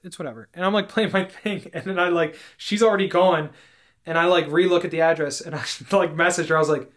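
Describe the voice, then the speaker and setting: A man's voice: fairly high pitch, steady tone, fairly quick, a bit bright. A young man co-hosting a podcast, talking loosely and laughing, peppering his speech with "dude" and "like". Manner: rambling, laughing, says "dude" and "like" a lot. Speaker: podcast co-host. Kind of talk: casual chat.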